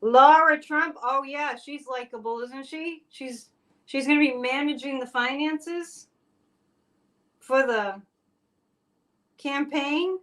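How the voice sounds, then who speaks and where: A woman's voice: high voice, slow pace, long pauses, a bit bright. A woman hosting a live stream, giving casual political commentary in a chatty, exclamatory way with sarcastic asides. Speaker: psychic live-stream host.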